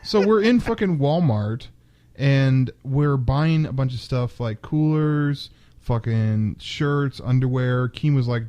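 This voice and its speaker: A man's voice: mid-range voice, expressive, takes it slowly, mellow. A young man co-hosting a podcast, telling a story in a casual, profane and rambling way. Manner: profane, rambling, self-reflective. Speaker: podcast co-host.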